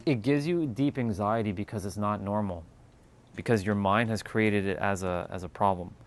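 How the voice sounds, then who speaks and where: Calm low-voiced man hosting a livestream. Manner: calm, unhurried, loose and profane at times. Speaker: livestream host. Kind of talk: casual spiritual livestream talk.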